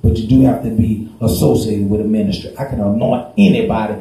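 Pastor, dark mellow voice, folksy preaching with shouted peaks, very echoey church. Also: male voice, on the low side, steady tone, fast, creaky. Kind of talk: sermon. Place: church sanctuary.

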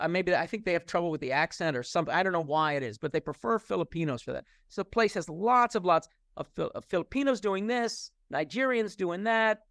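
A middle-aged man with a fairly high voice talks as a guest in an interview. He explains things at length and works through his points with restarts and fillers. The sound is dry and close, with no room echo. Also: fairly bright tone. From United States. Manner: thoughtful, many restarts and fillers. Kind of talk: conversational interview.

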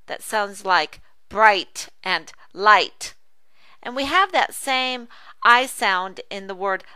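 A woman teaching an online phonics lesson, enunciating each word slowly and carefully. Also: medium pitch, pushed and bright, smooth, no echo. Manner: slow, careful, drawn-out enunciation. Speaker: reading teacher.

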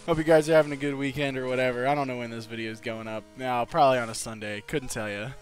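A man's voice: mid-range voice, fairly even intonation, fast, soft background music. A young man hosting a let's play, giving casual gameplay commentary and breaking into giddy laughter and swearing.

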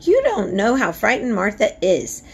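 A woman reading aloud, voicing an earnest young girl who speaks quick and eager. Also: medium pitch, huge pitch swings, creaky, slight background noise, pitched above the performer's own voice.

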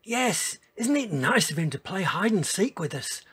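A man voicing a cheerful, eager young female dinosaur in a storybook reading, talking in a bright, excited way. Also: sits high, moderate pace, slightly rough, voice pushed up, heavily acted.

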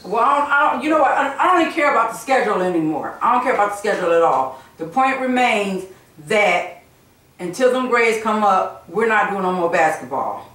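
A woman's voice: mid-range voice, big pitch swings, fairly quick, fairly bright tone. A woman playing a mother who firmly scolds her son, repeating herself in a preachy way. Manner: firm, preachy, repeats phrases. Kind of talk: prank skit, casual scolding. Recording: echoey room from far off.

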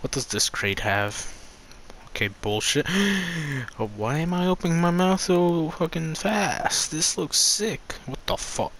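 A man commenting on his own gameplay, swearing a lot and swinging between loud outbursts and low muttering. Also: animated, slow, a little hiss or hum. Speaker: gamer.

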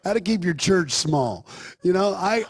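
A man's voice: high-pitched, animated, unhurried, slightly rough. A man preaching a sermon as pastor, mixing joking asides with emphatic, pressing points.

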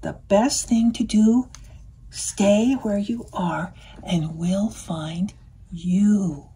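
A woman voicing a calm, sensible squirrel in a storybook read-aloud, speaking in a low, reassuring way. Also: very slow, slight background noise. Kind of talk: children's read-aloud with puppet.

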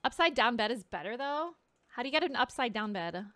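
A bubbly woman streamer chats with her viewers as she plays, her voice high and bright over faint game music in the background. Her speech rambles, stuffed with "like" and filler words, and she thanks people often. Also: big pitch swings, fairly quick, no room sound. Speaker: VTuber streamer playing a game. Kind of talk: casual gameplay chat with viewers.

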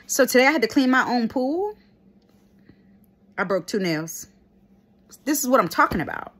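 A woman vlogger telling stories in a chatty, animated way, with lots of fillers and laughs. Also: a little high, moderate pace, long pauses. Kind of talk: casual storytime chat.

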